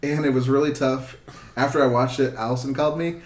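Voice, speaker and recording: A man co-hosts a casual podcast, talking at a middle pitch. He rambles and fills his sentences with "like". The room has a noticeable echo. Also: steady tone, fast talker. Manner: rambling, lots of "like". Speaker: podcast co-host. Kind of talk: casual chat.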